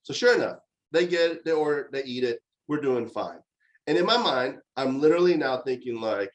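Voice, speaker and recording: A middle-aged man giving a conversational university lecture on parenting, telling stories in an animated way with frequent fillers and restarts. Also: medium pitch, fairly quick, rough recording.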